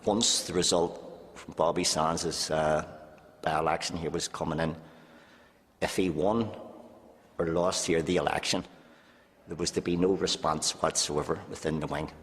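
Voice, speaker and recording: A man's voice: a bass voice, unhurried. A man in his sixties with a Northern Irish accent, recounting prison memories in a documentary interview and habitually dropping "here" into his sentences. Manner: keeps dropping "here" into sentences, flat storytelling. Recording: reverberant room with faint music.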